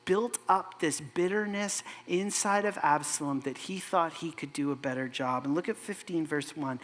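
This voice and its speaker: Guy pastor preaching, chatty and animated, bright forceful voice, big echoey church. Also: a little high, normal speed, few pauses. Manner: conversational, animated storytelling with asides. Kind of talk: sermon. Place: church sanctuary.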